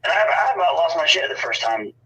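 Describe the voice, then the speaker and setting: A man's voice: on the high side, animated, fast, sharp tone, breathy edge. A man with a Southern US accent, co-hosting by phone in a casual chat, blunt and profane. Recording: distant tinny phone line.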